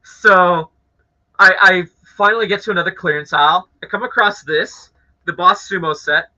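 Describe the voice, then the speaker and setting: A young man from Canada hosting a live stream, telling an annoyed story to his chat in a casual, animated way with swearing. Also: sits high, moderate pace. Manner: animated, swearing, acts out angry voices. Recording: dull lo-fi audio.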